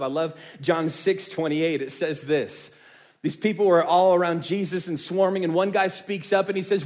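A man preaching a sermon on stage, swinging from hushed, low phrases to loud, lifted ones. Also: moderate pace. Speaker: pastor.

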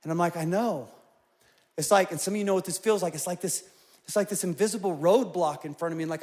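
A man in his forties preaching a sermon, telling personal stories in an animated way and rising to loud, emphatic peaks. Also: sits high, fast. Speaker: pastor.

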